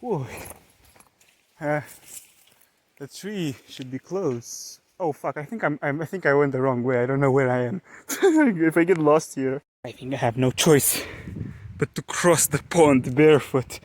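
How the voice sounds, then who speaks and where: A young man with an Eastern European accent rambles through a casual vlog in the woods beside a pond, filming on a handheld camera and letting out playful exclamations and yelps. His voice sits a little high, expressive and a little mellow, at a measured pace with no echo.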